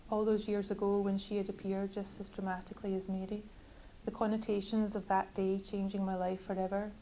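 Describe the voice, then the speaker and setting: Woman, author reading her novel, measured, wry, mellow warm tone, faint background noise. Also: medium pitch, level tone, poor audio. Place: bookshop reading event.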